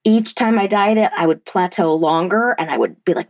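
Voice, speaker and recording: A frank woman with a low voice, heard over a dull, lo-fi remote line with a dry sound. She speaks briskly and a little mellowly, full of fillers and restarts, with occasional swearing and laughter. A therapist and body-image coach appearing as a podcast guest, she tells stories in a candid, conversational way.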